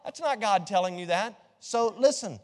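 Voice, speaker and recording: A middle-aged man preaching a sermon with a notably high voice, joking with his congregation and firing rhetorical questions at them. His words ring out with a long reverb from the church hall around him. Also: moderate pace. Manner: lively, joking, quizzes the congregation. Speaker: pastor.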